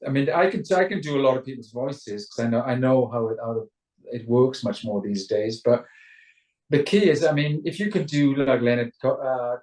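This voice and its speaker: A Welsh man talks over a video call, loose and rambling, stumbling through restarts as he explains things. His voice sounds roomy and set back from the mic, middle-pitched and unforced. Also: normal speed, darkish tone, distant mic. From Wales. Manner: chatty, rambling, stammers into restarts, mimics voices. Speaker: rock singer, interview guest. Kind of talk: casual video call interview.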